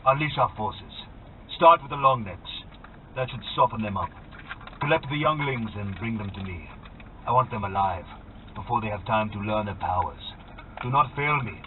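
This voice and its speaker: A man's voice: on the low side, expressive, normal speed, close to an everyday voice. A man putting on a menacing fiery lord. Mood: commanding. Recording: tinny phone-like sound with faint noise.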